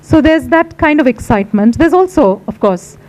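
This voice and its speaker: A woman's voice: high voice, animated, normal speed, a little mellow, poor audio. A middle-aged woman with an Indian English accent, a book editor giving a conversational, reflective public lecture with anecdotes.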